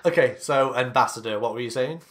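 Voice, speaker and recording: A man narrating as game master of a tabletop game, in a loose, unhurried way with many fillers. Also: medium pitch, a little hiss or hum.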